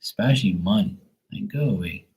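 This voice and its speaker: A man's voice: fairly low pitch, animated, brisk, a little mellow, low-quality recording. Blunt swearing man on a live stream. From Bermuda. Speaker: tarot reader on a live stream. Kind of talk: casual live-stream chat.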